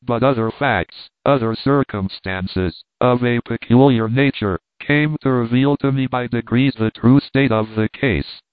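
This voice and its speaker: A man's voice: mid-range voice, no echo. Man reading a novel over a thin line. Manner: measured, dramatic first-person reading. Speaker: audiobook reader. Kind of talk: scripted narration of a classic novel. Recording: dry, phone-like narrow sound.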